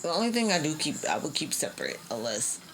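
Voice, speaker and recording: This is a young woman, speaking unusually low for a woman. She talks through a tarot reading in a loose, lively way, full of slang and swear words. A faint hiss sits under her voice. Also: quick pace, gravelly, poor audio. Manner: loose, profane, laughing often, slangy. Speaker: tarot reader. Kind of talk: casual tarot reading monologue.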